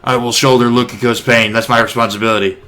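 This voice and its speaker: A man's voice: mid-range voice, flat delivery, quick pace, sharp tone, faint music behind, voice pushed down, lightly acted. A man playing a brooding young self-styled mad scientist who speaks in a grave, solemn way.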